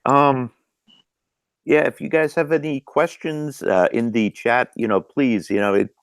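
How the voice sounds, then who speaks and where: A man's voice: mid-range voice, fairly even intonation, unhurried, clear, resonant tone, dry recording. A middle-aged man hosting a live video hangout. He talks loosely with lots of ums and restarts, and his voice is going. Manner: loose, filler-heavy talk with many ums and restarts. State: losing his voice. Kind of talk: casual live-stream chat. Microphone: video call microphone.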